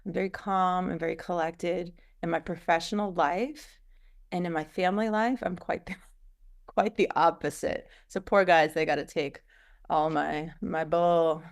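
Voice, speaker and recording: A woman guest on an interview show, chatting casually about her business with lots of fillers and quick asides. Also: on the low side, fairly even intonation, gravelly.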